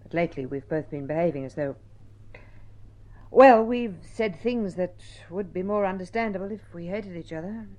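A sharp-tongued wife at the end of her patience speaks in a vintage radio play, voiced by a woman. Her slightly low voice carries a cutting, sarcastic edge. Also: moderate pace, highs cut off, natural voice. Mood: wistful. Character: sharp-tongued, fed-up wife, young adult. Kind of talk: vintage radio drama acting.

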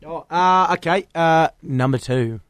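A man's voice: fairly high pitch, unhurried. A man co-hosting a podcast in casual, joking chat, often saying "mate". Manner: banters and laughs, says "mate" a lot. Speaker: podcast co-host.

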